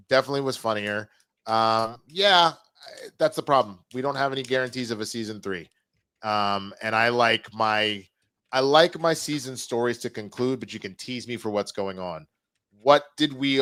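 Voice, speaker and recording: A man hosts a live stream in a relaxed, chatty way, his sentences trailing off and starting over. His voice is smooth and resonant. The sound is dry and close. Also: mid-range voice, no room sound. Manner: loose, chatty, trails off and restarts. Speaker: show host. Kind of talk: casual live-stream chat.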